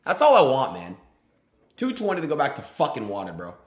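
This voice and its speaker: A young man live-streaming his gambling, swearing freely and swinging between yelling and muttering. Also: medium pitch, wildly swooping pitch, a little fast. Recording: roomy echo.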